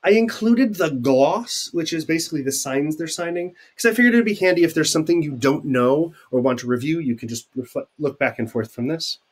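Male teacher, casual lecture read; husky tone, very animated pitch, conversational with asides. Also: fairly quick, hardly any pauses. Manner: chatty, explains with asides and fillers. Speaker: sign language teacher. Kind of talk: recorded video lecture.

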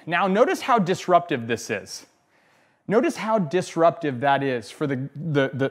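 A bonsai instructor gives a hands-on demonstration of bonsai display in an animated, somewhat high male voice. He repeats phrases and keeps checking in with "okay?" and "right?"

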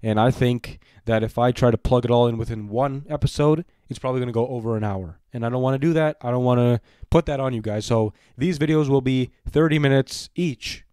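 Man, solo wrestling news host, casual rambling talk, mid pitch, dry close sound. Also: a little fast, hardly any pauses, dark tone, clean tone, no room sound. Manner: rambling, repeats himself, restarts often.

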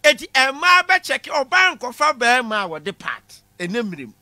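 A man giving a comic classroom lecture, animated, shouting punchlines and laughing at his own jokes. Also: very high voice, measured pace, dry recording. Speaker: comedy lecturer.

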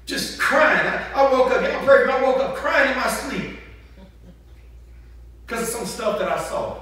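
A man preaching a sermon as pastor, moving from conversational talk to passionate shouting and asking the congregation questions. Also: extremely high pitch, normal speed. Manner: animated, rhetorical questions to congregation. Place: church sanctuary. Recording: echoey church hall from far off.

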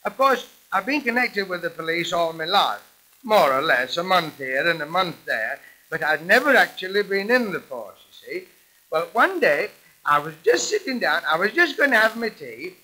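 A male comedian doing 1920s music-hall patter as a bumbling policeman. His voice is high, very bright and lively, bouncing up and down. He drives quickly toward each punchline. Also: slight background noise.

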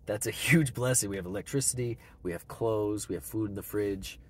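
A man's voice: fairly low pitch, moderate pace, a little mellow, slight background noise. Chuckling man giving himself a pep talk. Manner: reflective, self-reassuring, chuckles often. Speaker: vlogger. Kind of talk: personal self-pep talk.

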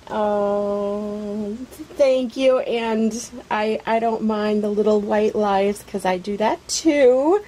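A woman unboxing a package on her craft vlog, gushing with excitement and many fillers. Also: mid-range voice, slow pace, a little hiss or hum, low-quality recording. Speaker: craft vlogger.

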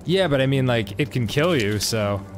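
A man hosting a game show, bantering casually in a giggly, animated way. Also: medium pitch, normal speed, noisy background. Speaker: host.

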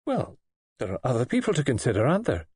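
Kindly young nurse, calm and indulgent, raised light voice, as a man reads her. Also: medium pitch, fast talker, husky, no room sound, pitched above the performer's own voice. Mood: earnest. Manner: calm, soothing, gently reproving. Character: young red-haired female nurse, kindly, placid, indulgent.

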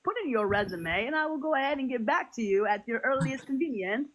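A woman's voice: sits high, expressive, fairly quick, fairly bright tone. Woman vlogger, playful and rambling, slips into a mock-official tone for a comic bit. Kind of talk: playful improvised skit.

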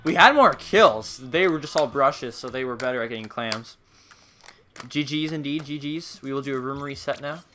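Young male game streamer, excitable, bright voice, chatty with chat. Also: medium pitch, normal speed, a little hiss or hum. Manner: excitable, reacting loudly to the game, chatty with viewers. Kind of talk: casual live-stream gameplay chat.

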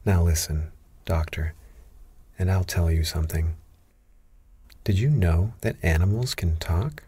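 A man's voice: deep voice, measured pace, warm tone, husky, no room sound, heavily acted. A man voicing a proud, bossy talking female parrot in a bedtime storybook reading.

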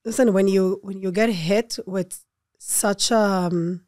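A woman speaking as a guest on a podcast, talking casually and turning soft and halting at the painful moments. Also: mid-range voice, steady tone, dry recording, studio quality. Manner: soft-spoken, halting when speaking of grief. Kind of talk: casual interview conversation.

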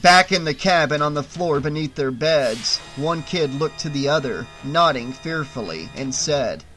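A man's voice: a little high, lively intonation, measured pace, sharp tone, faint music behind. A man reading a horror novel aloud as an audiobook, in dramatic, tense scripted narration.

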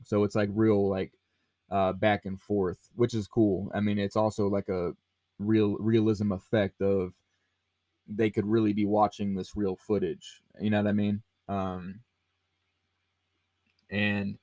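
A man's voice: on the low side, a little mellow, dry recording. A man hosting a podcast, talking about a film casually with lots of fillers and restarts. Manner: rambling, many fillers and restarts. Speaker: podcast host.

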